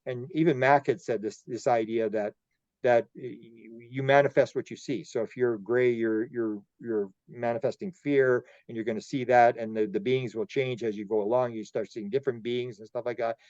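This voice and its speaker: Canadian guy telling stories on a podcast, stumbles and repeats himself, mellow voice, bit muffled. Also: medium pitch, steady tone, normal speed, no echo. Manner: rambling, repeats words, acts out quoted dialogue. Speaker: podcast guest, UFO researcher. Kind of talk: storytelling interview.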